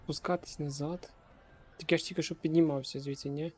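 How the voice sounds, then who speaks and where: Mellow, flat-voiced male gamer. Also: on the high side, brisk, husky. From Ukraine. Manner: joking, muttering reactions to the game. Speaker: gaming streamer. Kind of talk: casual let's-play commentary.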